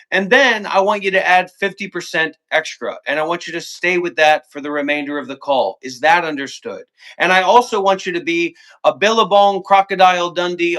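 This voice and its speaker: A man with a high, piercing voice rants on a livestream, swearing freely and hammering his points home. He stacks demand after demand in long insistent lists, never giving ground. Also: sharp tone. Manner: profane, confrontational and insistent; repeats commands in long lists. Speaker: call-in guest. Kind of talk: heated livestream argument.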